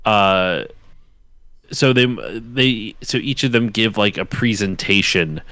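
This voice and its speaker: Male co-host, lower register, dry close mic, eager rambling storyteller with plenty of "like"s. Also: expressive, slow pace, sharp tone, dry recording. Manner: enthusiastic rambling storyteller, swears casually, many fillers. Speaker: podcast co-host. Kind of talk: casual chat.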